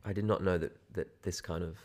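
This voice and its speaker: A man's voice: sits low, fairly even intonation, brisk, a little mellow. A man with an Australian accent, a podcast guest who talks in a laid-back, enthusiastic way and drops slang. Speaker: guest, aerial filming business owner. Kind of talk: casual chat.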